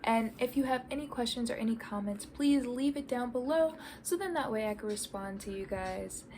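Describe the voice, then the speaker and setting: A woman's voice: a little high, moderate pace, darkish tone, slight background noise. An American woman vlogging casually about learning a language, earnest and encouraging as she shares tips. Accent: American English. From United States. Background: background music.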